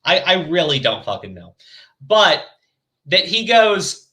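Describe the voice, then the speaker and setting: A podcast host talking in a high, bright voice that swings all over as he rants. He swears constantly and slips into mocking voices when quoting people. His chat is loose and casual. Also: big pitch swings, measured pace. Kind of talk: casual profane commentary chat.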